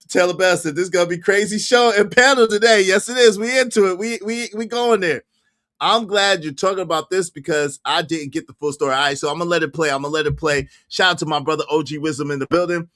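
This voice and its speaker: A man hosting a reaction livestream who talks in an excitable way, laughs often and repeats his phrases over and over. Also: a little high, dry recording, clean studio sound. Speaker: livestream host.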